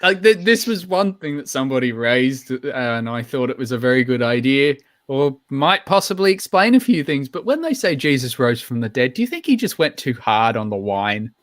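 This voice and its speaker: A man's voice: mid-range voice, sing-song, normal speed, hardly any pauses. A man hosting a casual live-stream chat, musing through long rambling explanations. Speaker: host.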